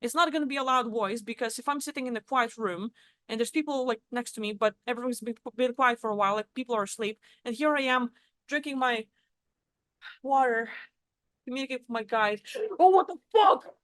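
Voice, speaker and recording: A woman's voice: a little high, brisk, a bit bright, no room sound. A woman giving a casual, blunt spoken talk on spiritual practice, swearing freely as she explains. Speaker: spiritual vlogger. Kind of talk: casual teaching monologue.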